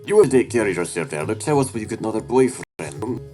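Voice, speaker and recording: A man's voice: lowish voice, big pitch swings, fast, dark tone, pitched above the performer's own voice. A man voicing a small, elderly, winged female shopkeeper creature in a tabletop game, a chatty, pushy matchmaker in her sixties. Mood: doting. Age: 60s. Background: clear background music.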